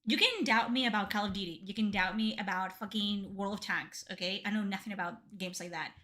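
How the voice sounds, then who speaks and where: Bright-voiced woman streamer swearing bluntly. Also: medium pitch, brisk. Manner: blunt, heavy swearing, emphatic. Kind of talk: livestream game reaction.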